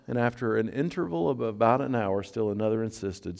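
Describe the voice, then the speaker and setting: A man preaching a sermon as a pastor, earnest, dropping to a hush and rising to fervent emphasis. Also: lowish voice, animated, a little fast, gravelly, few pauses, long reverb tail. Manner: earnest, swings from hushed to fervent.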